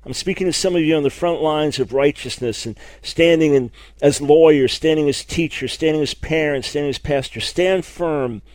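A man's voice: on the high side, normal speed, darkish tone, no room sound. A man preaching a sermon, emphatic and repeating words for stress. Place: speaking from abroad.

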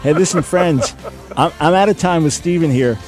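A man's voice: a little high, normal speed, a little mellow, faint music behind. A man hosting a radio talk show from his studio, interviewing guests with enthusiasm.

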